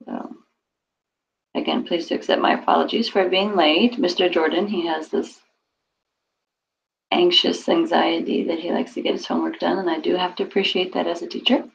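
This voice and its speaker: A woman's voice: fairly low pitch, steady tone, moderate pace, creaky, slight background noise. A woman teaching Spanish to a class over a video call, explaining patiently and encouraging students. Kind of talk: online class instruction. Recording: dull lo-fi call audio.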